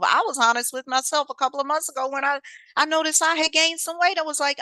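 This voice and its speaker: A woman hosting a motivational self-help talk, lively and preachy, with casual speech. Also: sits high, fast talker, no room sound. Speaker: host.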